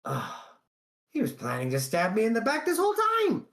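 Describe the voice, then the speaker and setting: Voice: medium pitch, sing-song, a little slow, vocal fry, fairly bright tone, voice pushed up, heavily acted. A game master putting on a fussy, theatrical potion-seller. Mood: betrayed. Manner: grand, exclaiming, calls others "my dear boy". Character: theatrical male potion-shop owner, fussy and dramatic.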